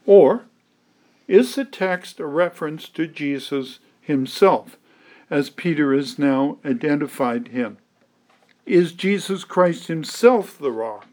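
A man preaching an expository sermon, deliberate and emphatic, quoting scripture aloud. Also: a little high, animated, darkish tone. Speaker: pastor.

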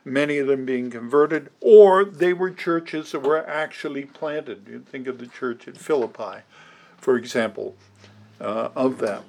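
A pastor preaching a sermon to his congregation, deliberate and emphatic, with the odd dry aside. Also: mid-range voice, vocal fry, a little mellow.

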